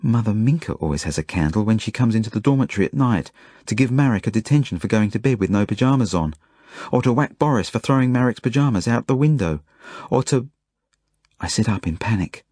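A man reading an audiobook as a first-person narration, in plain, measured storytelling. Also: on the low side, lively intonation, mellow, breathy edge, no room sound, clean studio sound. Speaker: audiobook reader.

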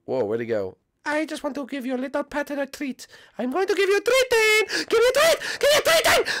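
A man putting on a creepy, high singsong voice as a hunter taunting his prey in a game. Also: very animated, brisk, a bit bright, exaggerated voice. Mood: playful menace. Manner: teasing, menacing singsong.

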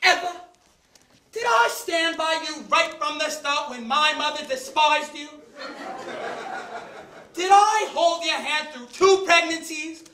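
A woman playing a loud, bickering older American caterer on stage, who shouts often. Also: high-pitched, exaggerated voice. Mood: fond. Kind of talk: stage play acting. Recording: echoey stage room.

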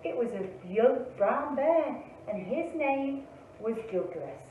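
A woman, an early years teacher, reads a picture book aloud to children in a slow, expressive storytelling voice. Her pitch rises and falls a great deal. The sound is thin and phone-like, with a big room echo and the mic some distance away. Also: a little hiss or hum.

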